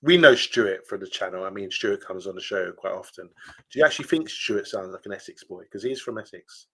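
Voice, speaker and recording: A man's voice: deep voice, animated, brisk, breathy edge. A man co-hosting a live-streamed fan show, chatting casually and reading out viewer comments. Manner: chatty, reads viewer comments aloud, laughs easily. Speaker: podcast co-host.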